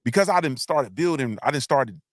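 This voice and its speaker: A middle-aged man hosting a motivational live talk, animated and preachy, asking his listeners again and again if they feel him. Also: medium pitch, fairly quick, no echo. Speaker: host.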